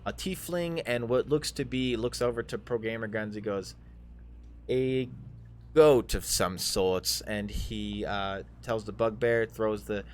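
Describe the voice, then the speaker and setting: A man's voice: on the low side, steady tone, moderate pace, hardly any pauses, slight background noise. A man narrating a tabletop game as game master, hesitant with many restarts.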